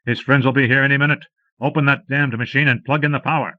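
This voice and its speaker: A man's voice: medium pitch, steady tone, fast talker, no room sound, voice pushed up, natural voice. A man reading an audiobook, voicing a tough male lieutenant with a clipped, gritty delivery. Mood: terse. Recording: dull lo-fi cassette audiobook.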